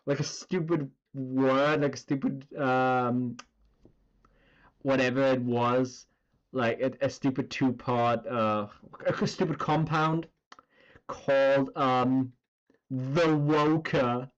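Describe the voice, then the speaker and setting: A man's voice: mid-range voice, steady tone, slow pace, highs cut off. A man casually chatting while he draws on a live stream, rambling with lots of fillers and the odd swear word. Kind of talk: casual chat while drawing.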